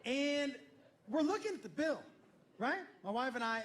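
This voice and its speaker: High-voiced stand-up comedian man, echoey club. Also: measured pace. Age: middle-aged. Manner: animated storytelling, acting out dialogue. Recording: echoey room with audience noise. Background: audience laughter.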